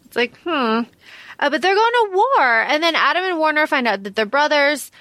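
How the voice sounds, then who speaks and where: A woman's voice: high voice, no echo. A woman co-hosting a podcast, chatting casually and dramatically about a book she reviews, venting her dislikes. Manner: animated, dramatic, quick to vent strong dislike. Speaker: podcast co-host.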